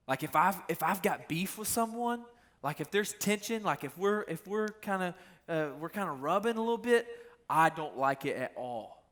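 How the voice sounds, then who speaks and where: A young man preaching to a youth group in a relaxed, storytelling way. His voice sits a little high and has a bright, forceful edge. He turns to the crowd again and again with questions. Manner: animated storytelling, talks straight to the crowd. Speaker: youth pastor. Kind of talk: casual youth sermon.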